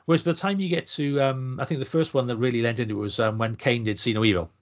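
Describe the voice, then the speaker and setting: Fast-talking sweary man. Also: medium pitch, highs cut off. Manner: blunt, sweary, rambling with restarts. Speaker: podcast co-host. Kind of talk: casual film review chat.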